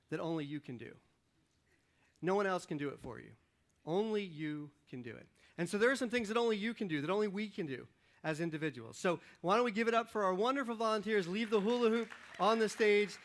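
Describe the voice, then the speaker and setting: A man preaching as a pastor from a church stage, joking with and directing volunteers in a lively, upbeat sermon. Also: high-pitched. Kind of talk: lively sermon with audience participation. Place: church stage before a congregation. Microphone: stage microphone.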